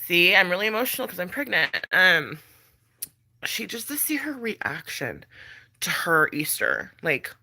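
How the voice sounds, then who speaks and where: A woman's voice: on the low side, sing-song, unhurried, pushed and bright. A pregnant woman vlogging in casual chat, blunt and chatty, swearing freely and laughing between thoughts.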